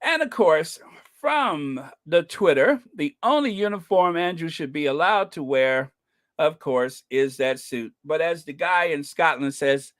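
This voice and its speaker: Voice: mid-range voice, lively intonation, a little slow, a bit bright. A channel host giving casual, scornful commentary, reading comments and news items aloud and often breaking into laughter.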